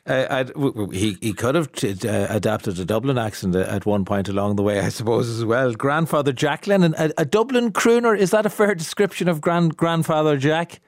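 A man hosting an interview who asks long, halting questions with many restarts. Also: mid-range voice, dry recording, clean studio sound. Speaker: radio interviewer host.

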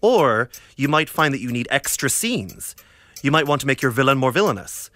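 A man presenting a scripted segment of writing advice, brisk, encouraging and direct. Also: medium pitch, sing-song, pushed and bright, dry recording, clean studio sound.

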